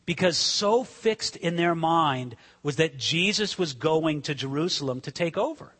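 A man preaching a sermon, swinging between hushed, slow asides and sudden dramatic shouts. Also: high voice, breathy edge, long reverb tail. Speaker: pastor.

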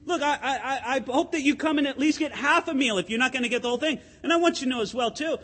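A man preaching a sermon as pastor, conversational and animated, with asides to the congregation. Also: very high voice, fast, in a large hall.

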